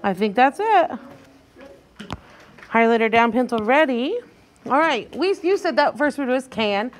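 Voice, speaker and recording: A woman teacher leading a guided reading lesson for young children, sounding out words slowly and encouraging her class. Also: a little high, animated.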